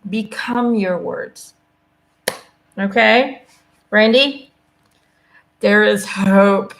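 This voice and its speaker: A woman doing a live angel card reading, speaking gently and reassuringly and often checking in with "okay?" and "you know?". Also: medium pitch, drawn-out words. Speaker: intuitive angel card reader. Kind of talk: live card reading, casual spoken guidance.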